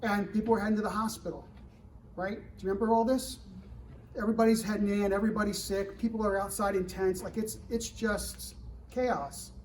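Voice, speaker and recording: A middle-aged man giving a fireside chat to students at a live event, animated and full of rhetorical questions to the crowd. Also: high voice, a little fast, distant mic, slight background noise, poor audio. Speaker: government security director speaking to students. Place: university event room.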